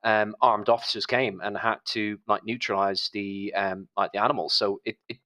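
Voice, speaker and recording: Low-voiced man in hesitant casual chat. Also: steady tone, normal speed, bright, forceful tone. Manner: hesitant, many fillers and restarts. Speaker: podcast co-host.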